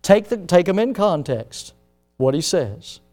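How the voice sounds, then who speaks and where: Preaching man, rising to loud emphatic questions. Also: high-pitched, very animated, a little slow, faint music behind. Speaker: pastor. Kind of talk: sermon.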